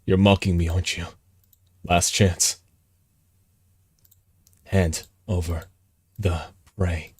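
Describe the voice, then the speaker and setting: A man voicing a demanding, hungry giant cat in a horror game, speaking low, quiet and threatening. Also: little pitch movement, slow pace, long pauses, slightly rough, no room sound, clean studio sound, full character voice. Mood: menacing.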